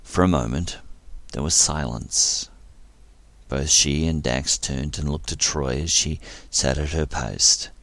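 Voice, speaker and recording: A man narrating a science-fiction story aloud in a steady, plain reading voice. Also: very deep voice, takes it slowly, dry recording.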